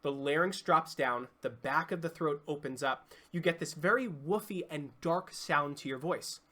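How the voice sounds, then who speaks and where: A singing coach gives an online vocal lesson, explaining clearly and demonstrating sounds. The voice is medium-pitched, bright and pushed, at a normal speed.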